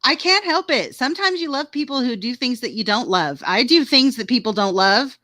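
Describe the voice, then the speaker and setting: A woman co-hosting a casual chat, speaking earnestly with halting restarts. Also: high-pitched, expressive, sharp tone, dry recording, clean studio sound. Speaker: podcast co-host.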